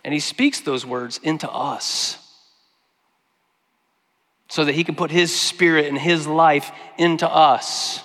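Male pastor, somewhat high voice, earnest sermon delivery that hushes on scripture, church-hall echo. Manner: earnest preaching, slowing and softening on quoted scripture. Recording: long hall reverb.

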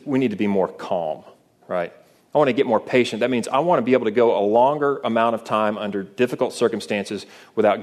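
A man preaching a sermon in a conversational way, often asking the listeners rhetorical questions. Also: fairly low pitch. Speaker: pastor.

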